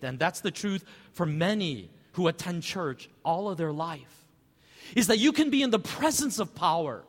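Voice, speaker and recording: A male pastor preaching in a conversational, animated way, tossing out rhetorical questions. His voice sits fairly high for a man and moves with a lively rise and fall. A long reverb trails behind him, as in a large hall. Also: normal speed. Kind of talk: sermon.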